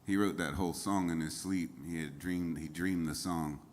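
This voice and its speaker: A man's voice: deep voice, fairly even intonation, normal speed. A man, a singer-songwriter, telling easygoing, rambling stories between songs while seated on a music venue stage. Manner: rambling, easygoing storytelling with frequent fillers. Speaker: singer-songwriter performing a livestreamed show. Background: faint guitar.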